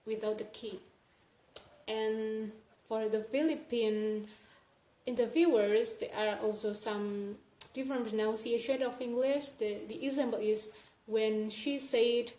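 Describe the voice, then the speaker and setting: Young woman student, slow halting class talk, echoey room, faint noise behind. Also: fairly high pitch, warm tone. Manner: slow, halting, self-correcting explanation. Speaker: student presenter. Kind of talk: class assignment presentation.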